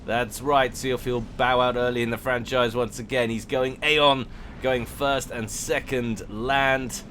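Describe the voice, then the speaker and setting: A man's voice: mid-range voice, fairly even intonation, measured pace, a bit bright, slight background noise. A man giving casual, jokey commentary on a strategy game match, chatty and often correcting himself. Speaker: game caster.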